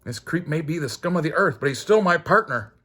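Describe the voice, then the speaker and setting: A man puts on a tough, loyal young fighter who challenges a stranger. His voice sits a bit above his normal one and swings with lively emphasis, gruff and defiant, like a comic read aloud. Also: fairly high pitch, a little fast, soft background music, pitched above the performer's own voice.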